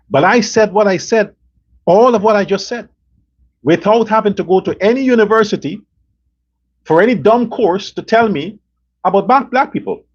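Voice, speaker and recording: Angry guy on a politics show, high raspy voice, dull muffled audio. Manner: heated, profane, repetitive. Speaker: political commentary show host.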